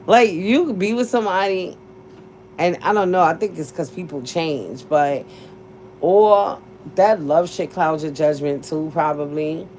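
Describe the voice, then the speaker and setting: A woman's voice: medium pitch, darkish tone, a little hiss or hum, poor audio. A woman, talking candidly and bluntly in a casual chat, cursing freely and laughing often. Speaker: podcast host.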